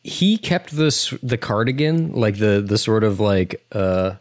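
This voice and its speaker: A man co-hosts a podcast with a wry, rambling manner, his pitch moving freely. The sound is dry and close to the mic. He talks loosely and teases the others. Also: lively intonation, unhurried, no room sound. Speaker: podcast co-host. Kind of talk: casual chat.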